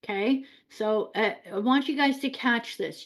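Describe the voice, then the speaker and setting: A woman's voice: fairly high pitch, a little slow, few pauses. A woman hosting a spiritual channel, who chattily explains a story she is reading and leans on fillers like "like". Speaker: spiritual host. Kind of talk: casual story commentary.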